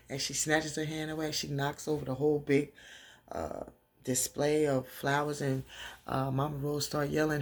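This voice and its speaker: A woman in a casual recap vlog, losing her voice, telling the story in an animated way and acting out the characters' lines. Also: low voice, a little fast, gravelly. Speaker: TV recap vlogger.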